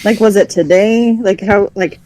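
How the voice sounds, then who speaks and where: A woman's voice: mid-range voice, steady tone, moderate pace, mellow. A woman playing a tabletop game, talking casually and hesitantly with many restarts. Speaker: player.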